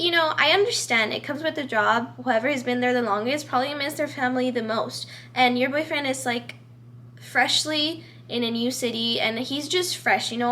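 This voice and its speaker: Young woman vlogging, high voice, chatty and earnest, lots of "like" and "you know". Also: pushed and bright, a little hiss or hum. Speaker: vlogger giving advice. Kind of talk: casual advice vlog talking to camera.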